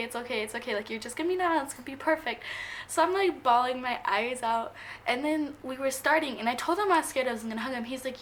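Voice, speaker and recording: High-voiced young woman gushing to camera. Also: a bit bright, a little hiss or hum. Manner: gushing, rambling, quick jumps between thoughts. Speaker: vlogger. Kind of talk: excited storytelling to camera.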